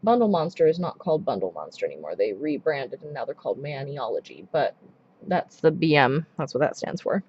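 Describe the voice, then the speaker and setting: A woman's voice: low-pitched, big pitch swings, fairly quick, a little mellow, breathy edge, highs cut off. A woman chatting casually on a live stream while she paints her nails, rambling with many asides. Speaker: nail art streamer.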